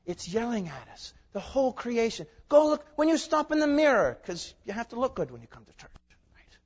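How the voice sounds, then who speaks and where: A man preaching a sermon in a church, lively and emphatic, moving between loud declarations and quiet asides. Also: very high voice, a little fast, husky. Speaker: pastor. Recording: dull sound with long hall reverb.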